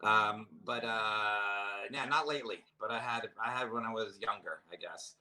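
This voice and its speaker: Bright-voiced rambling comedian guest. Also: male voice, on the low side, normal speed. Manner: rambling, self-deprecating, full of restarts and fillers. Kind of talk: casual chat over drinks.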